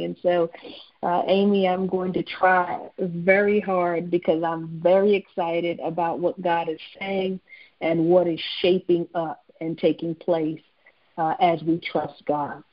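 A woman's voice: lowish voice, flat delivery, a little slow, dry recording, highs cut off. A woman leading a weekly prayer call, praying fervently and reading a prophetic word. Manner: fervent, repetitive address to God. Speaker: ministry call leader.

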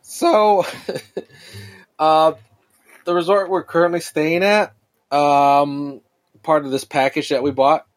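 A man in his thirties, co-host of a podcast, speaks slowly in a somewhat high voice with fairly even intonation, pausing often. Telling a long story casually, he rambles and swears freely, with many restarts and fillers.

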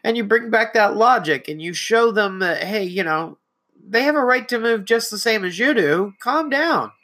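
A woman's voice: medium pitch, animated, normal speed, fairly bright tone. A middle-aged trans woman hosting a solo podcast, talking in a conversational, reflective way about parenting and often acting out quotes. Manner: conversational, reflective, with frequent restarts and acted-out quotes. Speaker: podcast host.

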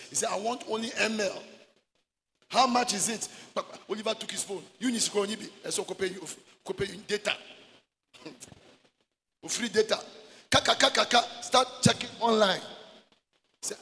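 A man preaching a sermon as pastor, mixing Twi and English and shouting for emphasis. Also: sits high, gravelly. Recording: echoey hall with faint noise.

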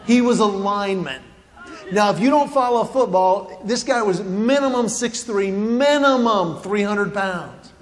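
A man's voice: high-pitched, animated, measured pace, long reverb tail. A man giving a humorous faith talk, telling a story and acting out his own panic with sudden yelps. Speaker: Christian comedic speaker.

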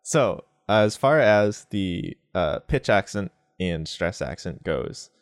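A man teaching pronunciation in a casual lesson, explaining slowly with examples and mixing in Japanese words. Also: sits low, animated, no echo, studio quality. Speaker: language teacher.

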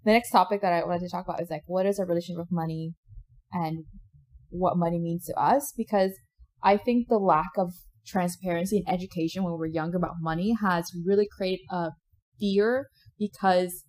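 A woman's voice: on the low side, steady tone, normal speed, a little mellow. A woman co-hosting a casual chat, asking questions and steering the talk to the next topic. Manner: attentive listener, asks questions, steers topics.

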